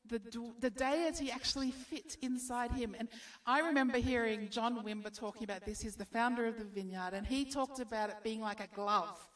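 A woman's voice: sits high, normal speed, fairly bright tone, distant mic. A woman preaching a sermon, encouraging her listeners with rhetorical questions.

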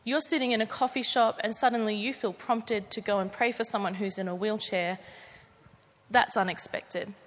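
A woman's voice: mid-range voice, fairly even intonation, a little fast, few pauses, big-room sound. A woman preaching a sermon in a conversational, earnest storytelling manner.

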